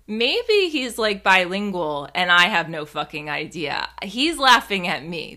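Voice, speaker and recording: Young woman, casual host, bright and punchy tone, chatty and profane. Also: lowish voice. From New Jersey. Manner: chatty, profane, rambling with many fillers. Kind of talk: casual storytelling monologue.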